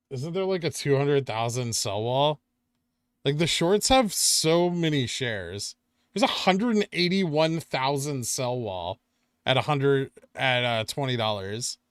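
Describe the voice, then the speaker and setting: A man's voice: medium pitch, no echo. Chatty Californian man, dry close sound. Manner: chatty, rambling, answers chat questions. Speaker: livestream host. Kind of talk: casual live trading chat.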